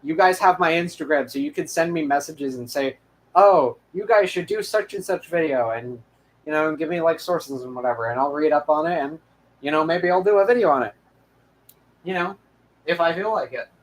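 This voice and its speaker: A young man with a high-pitched voice chats loosely to close out his channel's episode. He rambles, restarts his sentences and fills the gaps with ums and uhs. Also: expressive, moderate pace, a little hiss or hum. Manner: rambling, full of restarts and fillers. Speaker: channel host. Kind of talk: casual outro chat.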